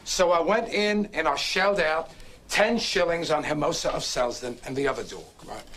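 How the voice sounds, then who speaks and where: A rambling racetrack storyteller. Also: male voice, fairly high pitch, gravelly, a bit bright, exaggerated voice. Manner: rambling, keeps prodding his listener with "right?". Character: restless, boastful young man spinning a racetrack story. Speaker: actor in a film drama. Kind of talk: stage-play film acting.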